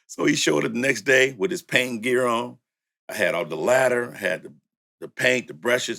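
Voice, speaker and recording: A man's voice: mid-range voice, moderate pace, creaky, sharp tone. A middle-aged man with a Southern country accent, a music producer telling stories as an interview guest, laid-back and laughing as he acts out old conversations. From Louisiana, raised in the Bay Area. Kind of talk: storytelling interview.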